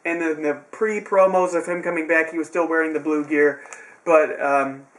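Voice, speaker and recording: A man's voice: on the high side, fairly even intonation, moderate pace, fairly bright tone. A young man casually recapping a wrestling show, rambling with sarcastic asides.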